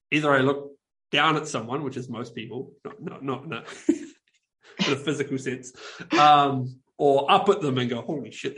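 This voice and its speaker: A man's voice: mid-range voice, bright, forceful tone. A man with a New Zealand accent co-hosting a podcast, telling a rambling story full of fillers and restarts. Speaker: podcast co-host. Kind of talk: casual chat.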